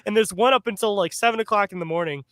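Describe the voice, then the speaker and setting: Laid-back young man, bright dry voice. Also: sits high, quick pace, smooth, no echo. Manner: laid-back, calls people dude and bro. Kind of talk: casual chat.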